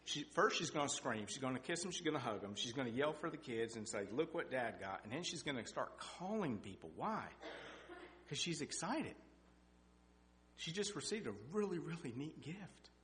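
A middle-aged man preaching a sermon with personal testimony, folksy and animated, his voice rising for emphasis. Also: moderate pace. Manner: folksy, animated, climbs in pitch and loudness for emphasis. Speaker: lay preacher. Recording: echoey hall with faint hum.

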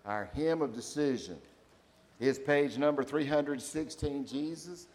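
A man preaching a sermon to his congregation, then leading a quiet prayer. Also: a little high, a little slow. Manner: swings from loud emphatic preaching to soft hushed prayer. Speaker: pastor. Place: church sanctuary.

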